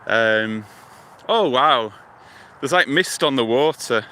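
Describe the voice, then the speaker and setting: A man from the United Kingdom livestreaming on his phone while walking outdoors by a lake, chatting to viewers in a relaxed, rambling way. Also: medium pitch, slow. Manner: relaxed rambling, thinking aloud, talks to viewers. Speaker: live-stream vlogger. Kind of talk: casual walking livestream chat. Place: outdoors by a lake and river near a motorway. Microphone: phone held while walking. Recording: outdoor traffic hum behind.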